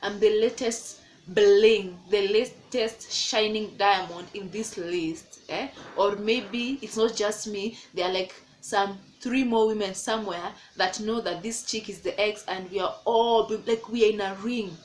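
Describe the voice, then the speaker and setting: Speaking at a measured pace, this twenties-aged vlogger with a Kenyan English accent narrates a storytime video and acts out its characters. Her delivery is lively, and she jumps to a far higher pitch for quoted voices. The recording quality is low.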